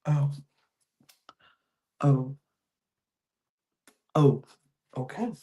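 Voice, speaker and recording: A woman's voice: rumbling low, drawn-out words, highs cut off. Chatty woman recapping reality TV. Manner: chatty, animated, acts out quotes in little voices; emphatic, repeats words for effect. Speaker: podcast host. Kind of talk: casual reality-show recap.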